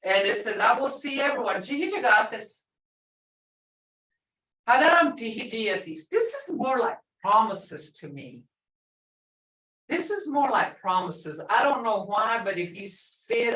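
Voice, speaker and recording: A woman's voice: a little high, big pitch swings, measured pace, fairly bright tone. Older woman teaching from across a roomy space. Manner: explains plainly with many examples and asides. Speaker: language teacher. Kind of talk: language lesson. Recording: roomy, from far off.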